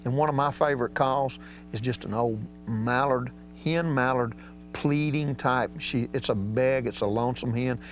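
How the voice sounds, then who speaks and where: A man's voice: mid-range voice, moderate pace, soft background music. Folksy man teaching duck calls. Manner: folksy and drawling, with casual grammar. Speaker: duck calling instructor. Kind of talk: outdoor hunting instruction. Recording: slightly dull audio with faint hum.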